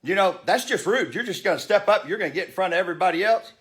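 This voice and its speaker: A man's voice: high-pitched, lively intonation, quick pace, fairly bright tone, pitched above the performer's own voice. A man imitating a mealy-mouthed, rude male passenger with an indignant, nagging voice.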